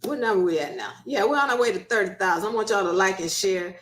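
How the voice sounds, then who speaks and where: A woman's voice: medium pitch, quick pace, slight background noise. Chatty woman on an echoey live stream. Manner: repeatedly checking if viewers can hear her, patient and chatty. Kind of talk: casual live-stream chat with viewers.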